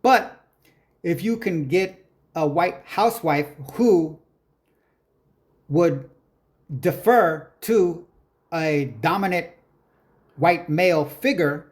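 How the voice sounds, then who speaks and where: A man's voice: a little high, lively intonation, takes it slowly, long pauses. A man giving personal testimony in an earnest, rambling way, often correcting himself mid-sentence.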